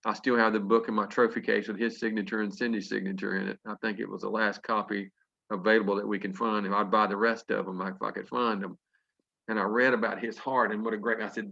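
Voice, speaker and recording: A man telling a folksy story to an audience, lively and chuckling as he acts out what people said. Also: fairly low pitch, fast talker, vocal fry. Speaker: business testimonial speaker. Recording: dull lo-fi conference call audio.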